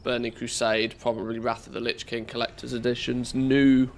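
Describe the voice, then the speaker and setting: A man's voice: mid-range voice, little pitch movement, moderate pace. A man with a head cold and a congested voice, chatting casually on a live game stream, rambling with many ums and restarts.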